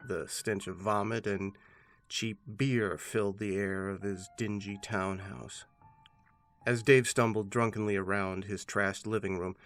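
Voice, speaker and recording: A man, host of a horror channel, giving a scripted narration of a scary story in a steady, measured way. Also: on the low side. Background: faint background music.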